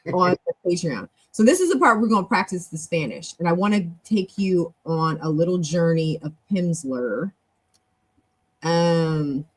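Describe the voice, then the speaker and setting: A middle-aged woman who is a show host and club leader chats on a casual live stream, talking fast and often restarting or correcting her sentences. She's lively and talkative, and when excited her voice shoots up high and loud before settling back into easygoing conversation.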